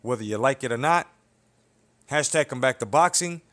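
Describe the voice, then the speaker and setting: Heated and profane, a young boxing commentator rants bluntly in an opinion video, frequently checking in with "you know what I'm saying." He has a medium-pitched, expressive, fairly bright voice and talks at normal speed.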